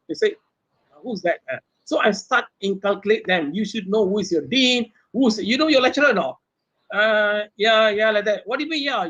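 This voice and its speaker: A middle-aged man with a Malaysian English accent, a professor speaking on a webinar panel, animated and full of rhetorical questions aimed at his fellow panelists. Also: sits high, slightly rough. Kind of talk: unscripted panel talk. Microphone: webinar video call mic. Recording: dull lo-fi webinar audio.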